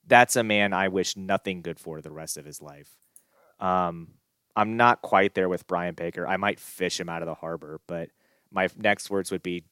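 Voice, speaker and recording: A man's voice: low voice, a bit bright, clear, resonant tone, dry recording, clean studio sound. A man co-hosting a casual sports podcast, ranting in an exasperated, gloomy way with sighs and restarts. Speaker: podcast co-host.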